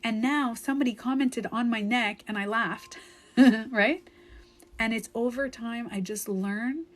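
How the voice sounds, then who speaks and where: A woman's voice: on the high side, a little slow, a bit bright. A woman life coach in her thirties, telling a candid, emotional story in a phone live-stream monologue, with lots of "like.".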